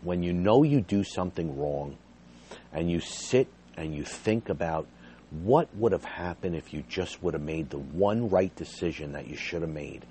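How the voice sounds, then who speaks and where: A middle-aged man with a low, mellow voice recounts a personal ordeal directly to his viewers. He speaks emphatically and acts out the exchange as he remembers it. A faint hiss of noise sits under the recording. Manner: emphatic, retells dialogue aloud. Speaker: behavior support worker.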